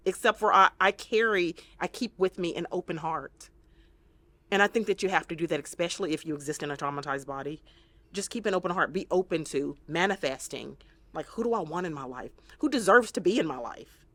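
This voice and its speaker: A woman's voice: on the low side, lively intonation, a little fast, pushed and bright. A woman therapist guesting on an interview, talking earnestly and reflectively and sometimes acting out the voices she quotes. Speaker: trauma-focused therapist, guest.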